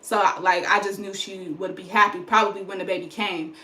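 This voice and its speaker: A young woman chats rambling and animated into her phone, her voice at a middle pitch. She sounds tired. The room around her rings with a noticeable echo. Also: fairly quick. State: pregnant, tired. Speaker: vlogger. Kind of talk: casual chat to camera. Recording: roomy echo.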